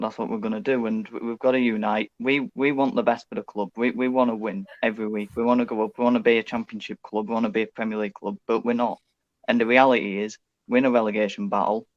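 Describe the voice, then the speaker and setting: A man with a low, flat voice makes an impassioned case in a casual football fan chat, often stumbling and repeating his words. The sound is dull and lo-fi with a very dry mic. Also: no room sound. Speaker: fan guest.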